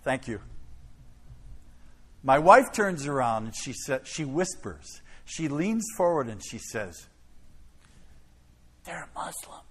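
A middle-aged man preaching, telling a story in an animated, dramatic way. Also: medium pitch, slow. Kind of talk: sermon storytelling. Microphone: filmed by a camera operator.

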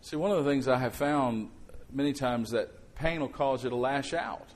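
A middle-aged male pastor preaching a conversational sermon, swinging between quiet reflection and sudden loud outbursts. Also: medium pitch, normal speed.

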